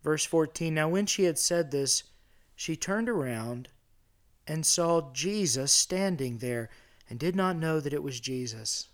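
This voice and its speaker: A middle-aged man preaching a sermon in a church sanctuary. He talks conversationally, asks his listeners questions and builds in intensity. His voice sits slightly high for a man. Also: animated, unhurried. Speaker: pastor.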